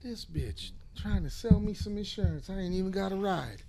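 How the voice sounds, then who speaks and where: A man in his fifties hosting a podcast, telling a long profane story in a rambling, animated way. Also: high voice, moderate pace, gravelly, heavy background noise. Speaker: podcast host. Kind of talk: casual storytelling.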